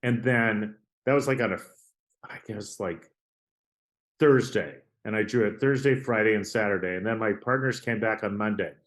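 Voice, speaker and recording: A man's voice: fairly low pitch, normal speed. A man, an artist guest on an interview podcast, telling stories in a chatty, rambling way, often checking in with "right?". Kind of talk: casual storytelling interview.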